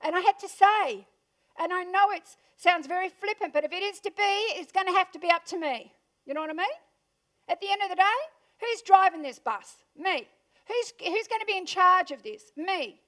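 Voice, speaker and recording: Punchy high-voiced Australian woman speaker. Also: animated, normal speed, fairly bright tone. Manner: punchy, asks the audience questions. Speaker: motivational speaker. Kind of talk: motivational keynote talk. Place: event room before a live audience.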